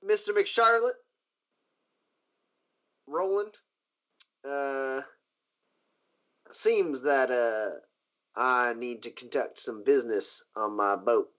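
A man voicing a smooth, scheming riverboat boss who drawls his offers slowly with hesitant pauses. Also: medium pitch, sharp tone. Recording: dull lo-fi recording.

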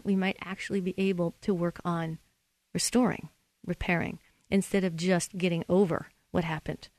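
A woman hosting a Christian relationship advice radio show in an earnest, steady, teacherly way. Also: mid-range voice, dry recording.

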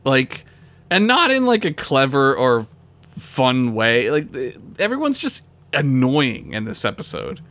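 Bright, animated man chatting. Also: medium pitch, a little slow. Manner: expressive, laughs often, swears freely. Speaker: podcast co-host. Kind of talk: casual chat about a TV episode.

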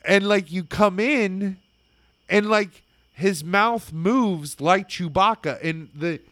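A man telling a story in casual chat, excitable and rambling, full of fillers. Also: high-pitched, slow pace, no echo.

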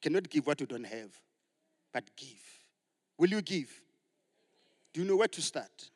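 A man from South Africa preaching a sermon as a pastor, swinging from loud exhortation to soft whispers. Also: medium pitch, lively intonation, a little slow, pauses often. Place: church hall. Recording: church hall with long reverb.

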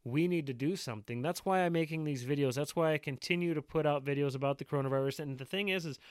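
A man's voice: fairly high pitch, fast, smooth, no echo. Angry ranting man, dry close sound. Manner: angry, insistent, repetitive. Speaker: video maker. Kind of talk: impassioned ranting monologue.

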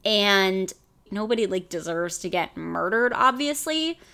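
A woman cohosting a podcast in casual chat, animated and full of fillers. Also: medium pitch, a little slow, vocal fry, clear, resonant tone. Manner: animated, uses "like" a lot.

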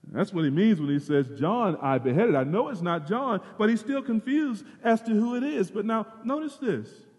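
A man preaching a sermon as pastor, moving between loud emphasis and hushed, drawn-out phrases. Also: sits high, animated, long reverb tail.

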